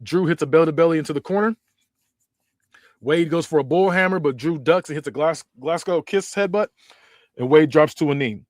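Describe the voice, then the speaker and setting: Man narrating in a hurried, stumbling way. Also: a little high, a little mellow, no room sound, studio quality. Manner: hurried, with frequent restarts and self-corrections. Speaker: podcast host. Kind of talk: casual story narration.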